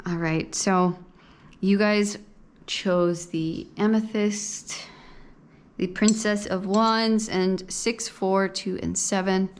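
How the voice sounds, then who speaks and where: A woman giving a casual spoken tarot reading in a gentle, soothing way, often repeating words as she thinks. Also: medium pitch, level tone, slow pace, a little hiss or hum. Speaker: tarot reader.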